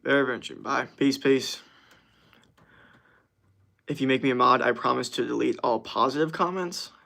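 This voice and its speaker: A man's voice: medium pitch, steady tone, brisk, creaky, pushed and bright. A young man streaming casually, reading viewer comments aloud in a laid-back way and laughing easily. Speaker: streamer answering chat. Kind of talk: casual livestream chat.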